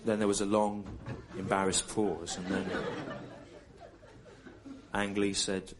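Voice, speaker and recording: Deep-voiced man doing deadpan stand-up. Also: slow pace, crowd noise. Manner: deadpan, digressive, addresses audience members. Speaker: stand-up comedian. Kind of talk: stand-up routine. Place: comedy venue, live on stage. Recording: noisy live venue recording. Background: audience laughter.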